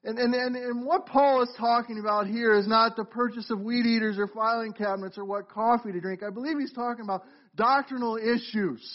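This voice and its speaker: A man's voice: extremely high pitch, highs cut off. A middle-aged man preaching a sermon as pastor of a church, talking conversationally and putting questions to the congregation. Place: church sanctuary.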